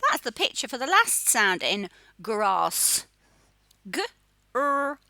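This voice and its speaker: An Australian phonics teacher runs a lesson for young children learning to read, sounding out each letter slowly in a lively, sing-song voice that rises high and drops low. Her voice is bright and clear. The recording is dry and close, with no room sound and no echo.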